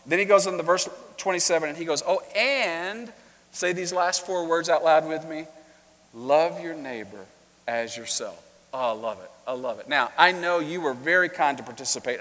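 A man's voice: sits high, big-room sound, rough recording. A man preaching a sermon as pastor, telling the story expressively and inviting the congregation to speak along. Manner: expressive storytelling, acting out dialogue, asks congregation to respond. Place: church sanctuary.

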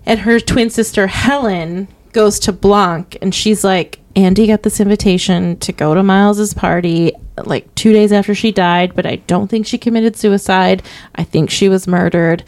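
A woman's voice: medium pitch, fairly even intonation, moderate pace, hardly any pauses, darkish tone. A woman in casual conversation, recapping a film's plot and asking questions about it. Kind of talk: casual chat about a film.

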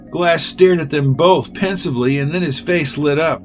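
A man narrating a science fiction story aloud in a steady storytelling manner. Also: mid-range voice, a little slow, hardly any pauses, soft background music. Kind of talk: audiobook narration.

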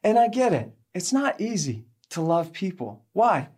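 A woman giving a sermon, telling a personal story with animated delivery and acting out the people in it. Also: on the low side, measured pace, breathy edge. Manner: animated, acts out quoted people, laughs while telling. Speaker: speaker giving a faith talk.

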